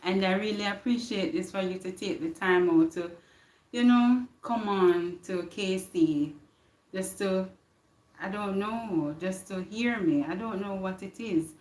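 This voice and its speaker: A woman's voice: medium pitch, a little slow, darkish tone, echoey room. A Jamaican woman hosting a casual live stream, greeting viewers by name and repeating her words. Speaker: livestream host.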